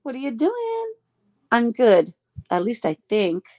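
A somewhat high-voiced woman runs a casual live stream and chats warmly with friends as they join. She talks in a loose, affectionate way and laughs often between lines. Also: wildly swooping pitch, slow pace.

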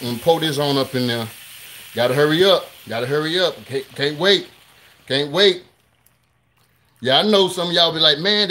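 A man hosting a live cooking stream in his home kitchen, talking straight to viewers in a hurried, repetitive way. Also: a little high, bright, forceful tone. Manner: hurried, talks straight to viewers, repeats himself. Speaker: cooking show host. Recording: sizzling pan noise behind.

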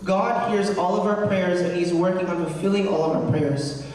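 A man's voice: high-pitched, normal speed, a little mellow. A young man serving as a deacon, preaching a sermon in an earnest, conversational way, often checking in with the congregation. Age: young adult. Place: large cathedral. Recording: echoey cathedral, mic from far off.

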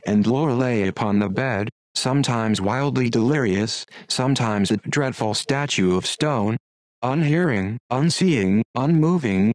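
A man's text-to-speech voice reading a classic story aloud in an even, unhurried way. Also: mid-range voice, no echo, rough recording. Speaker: audiobook narrator.

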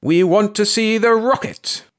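A woman's voice: low voice, expressive, moderate pace, pitched above the performer's own voice. A man voicing a small, fierce old woman who is indignant and insistent.

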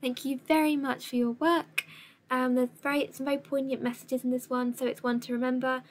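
A woman teaching a recorded lesson, her voice sitting a little high. She gives instructions in a clear, measured way. A faint hiss lies under the recording. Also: level tone.

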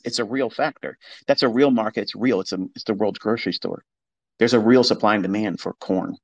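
A man's voice: on the low side, breathy edge, poor audio. A man hosting an online audio chat, talking in a blunt, profane, casual monologue. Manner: blunt and profane, mocking the doubters he quotes. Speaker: trading educator hosting an audio space.

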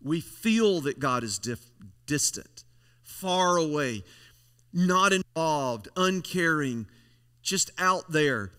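A man's voice: fairly high pitch, animated, takes it slowly, sharp tone. A male pastor preaching a folksy, emphatic sermon, leaning on repeated phrases. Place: church sanctuary. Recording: long church hall reverb.

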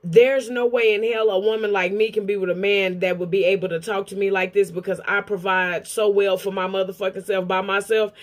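A woman giving blunt, profane reaction commentary on a clip, with a mellow tone. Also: mid-range voice, level tone, brisk, few pauses.

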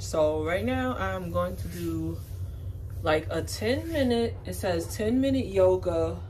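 A woman chatting casually to viewers in a fitness vlog, animated and out of breath, with sudden high exclamations. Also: slight background noise, low-quality recording. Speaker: fitness vlogger. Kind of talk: casual vlog chat to camera.

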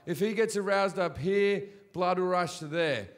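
An Australian man doing live stand-up, telling a crude story in a brash, deadpan way. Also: high-pitched, normal speed. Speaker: stand-up comedian.

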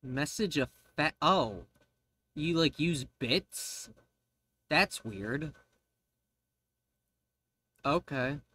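A woman's voice: low-pitched, extremely slow, long pauses, breathy edge. A woman streamer chatting casually on a livestream, ranting and swearing freely. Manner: ranting, profane, animated.

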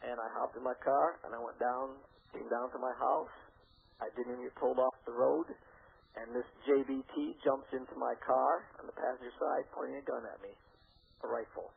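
A man's voice: medium pitch, normal speed, vocal fry, slightly rough. A man, a radio interview guest, telling a story and acting out what people said, over a phone line. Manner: animated storyteller acting out quoted dialogue.

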